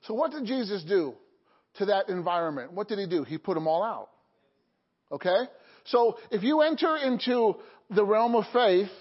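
A man preaching a sermon to his congregation, checking in often with "Okay?" and "Amen?". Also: high voice. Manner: call-and-response preaching, frequent "Okay?" and "Amen?". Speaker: pastor. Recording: dull lo-fi recording.

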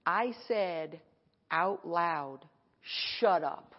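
A woman pastor preaching an animated sermon at a conference and acting out her dialogue, recorded in an echoey hall. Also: medium pitch, slow pace. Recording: echoey hall, dull sound.

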